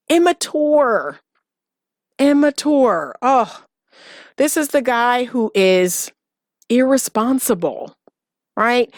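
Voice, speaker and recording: A woman's voice: mid-range voice, no echo, studio quality. A woman relationship coach giving emphatic advice to camera, repeating key words for stress. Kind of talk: direct-to-camera advice talk.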